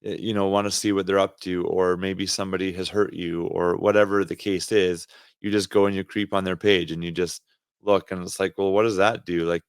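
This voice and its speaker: Deep-voiced Canadian man, earnest podcast chat. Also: creaky, clean tone, no echo, studio quality. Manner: rambling, earnest, frequent restarts and laughter. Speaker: podcast co-host. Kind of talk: casual faith podcast chat.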